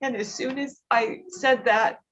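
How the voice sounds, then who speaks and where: Woman, teary and sniffling, emotional halting personal share, muffled audio, faint hiss. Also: a little high, fairly even intonation, a bit bright. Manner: emotional, halting, many fillers and restarts. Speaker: guest speaker at a recovery meeting.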